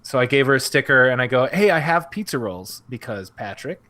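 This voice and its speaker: A man's voice: medium pitch, expressive, a little fast, pushed and bright. A man co-hosting a fan podcast, telling rambling, self-mocking stories in casual chat. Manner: rambling storyteller, laughs at himself. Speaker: podcast co-host.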